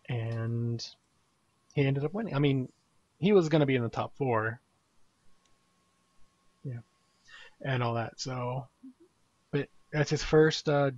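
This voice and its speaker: A man's voice: fairly high pitch, darkish tone, no room sound, lo-fi sound. A man hosting a casual live gaming podcast, rambling in a laid-back way with small chuckles. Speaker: podcast host.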